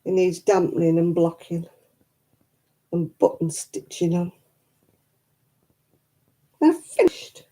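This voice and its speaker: A woman's voice: fairly low pitch, completely flat delivery, measured pace, pauses often, mellow, poor audio. A middle-aged woman, hosting a casual craft livestream, chatty and candid with frequent laughs. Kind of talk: casual live chat while knitting.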